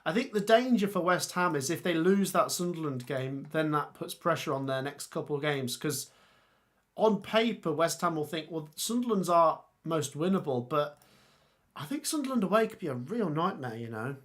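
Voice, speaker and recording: A young man chats casually on a live stream, thinking aloud and reacting to viewer comments as he goes. His voice sits a little higher than most men's. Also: expressive, normal speed. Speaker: football channel host.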